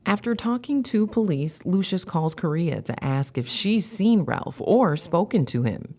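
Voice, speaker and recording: A woman hosting and narrating a documentary series in a measured, matter-of-fact way. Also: on the low side, lively intonation, darkish tone. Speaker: host and narrator.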